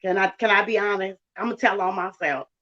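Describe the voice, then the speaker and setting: A woman talking about faith and relationships in a preachy, emphatic way, with big swings in pitch. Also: fast, sharp tone, highs cut off. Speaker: guest speaker. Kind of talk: casual preachy chat.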